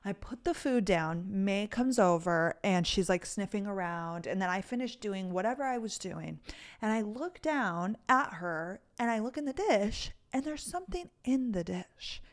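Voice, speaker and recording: A young woman in her twenties hosting a podcast, telling a story in a chatty, animated way, full of "like" and "you guys". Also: mid-range voice, a little slow. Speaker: podcast host. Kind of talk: casual storytelling chat.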